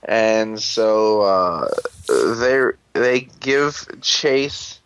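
A man's voice: on the low side, animated, very slow, a bit bright, smooth, poor audio. A man hosting a casual chat, recapping a show in a rambling, sarcastic, profane way, groggy and unwell. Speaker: podcast host.

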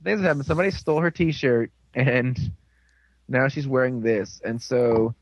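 A man's voice: mid-range voice, moderate pace, no echo, muffled recording. A man chatting casually, retelling a TV episode in a rambling way and slipping into characters' lines. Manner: rambling, dips into quoted voices. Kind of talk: casual chat, recapping a TV episode.

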